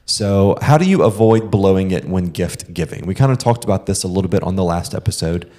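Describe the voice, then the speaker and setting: A young male podcast co-host shares practical tips with listeners in a casual manner, frequently saying "um." His voice is deep and mellow, and he talks fairly quickly.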